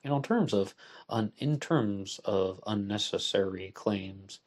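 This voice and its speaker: Low-voiced man hosting a podcast. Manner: measured, deliberate, spells out letters. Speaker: podcast host. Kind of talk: solo podcast book discussion.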